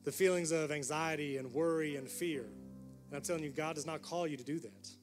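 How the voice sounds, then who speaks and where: A man preaching a sermon as a pastor, earnest and dropping to a hush on quiet passages. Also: a little high, brisk, faint music behind. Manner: earnest preaching, drops to a hush for quoted whispers.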